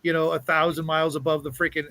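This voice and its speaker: A man's voice: a little high, level tone, quick pace, vocal fry, bright, forceful tone. A man hosting a casual stream chat about tabletop games, eager and enthusiastic, often repeating words as he starts a thought. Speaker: stream host.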